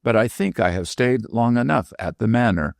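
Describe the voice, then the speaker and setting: Man voicing a young lovestruck fiddler, earnest, flustered, raised lively voice, storybook. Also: medium pitch, moderate pace, creaky, dry recording, studio quality, pitched above the performer's own voice. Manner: hesitant, defiant, pleading. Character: earnest, bashful young male fiddler in love.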